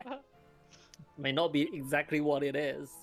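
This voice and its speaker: A man's voice: fairly high pitch, fairly even intonation, moderate pace, faint music behind. A man playing in a tabletop game, chatting casually and rambling with restarts. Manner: rambling, self-correcting. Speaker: player.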